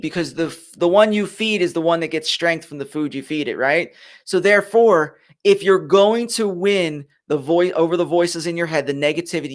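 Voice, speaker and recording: A man's voice: a little high, moderate pace. A man hosting a motivational live stream, talking animatedly to viewers at his computer and repeating his key phrases.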